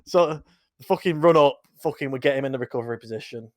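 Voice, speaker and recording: A young man co-hosting a podcast, telling sweary anecdotes in a casual, animated way. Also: mid-range voice, quick pace. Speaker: podcast co-host. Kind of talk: casual storytelling chat.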